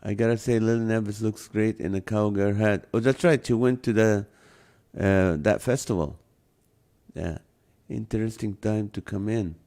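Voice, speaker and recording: A man's voice: on the low side, moderate pace, darkish tone. A man with an accent hosting a live stream, reading out a comedy list and chatting with viewers, laughing often. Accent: non-native English accent. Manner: jokey, laughs often, greets viewers by name. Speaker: live show host.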